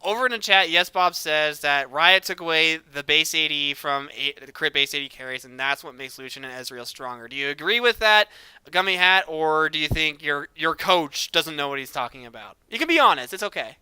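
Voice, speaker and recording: A man's voice: on the high side, expressive, brisk, sharp tone, smooth, dry recording. A man hosting an esports stream, chatting with players and reading out viewer questions. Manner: upbeat, chatty, reads chat questions aloud. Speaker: esports caster interviewing players. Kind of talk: casual stream chat.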